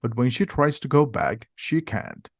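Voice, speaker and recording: A man narrates a simplified storybook as an audiobook reader, speaking clearly at a steady but slightly slow pace. His pitch is middling, and the close, dry recording has no room sound.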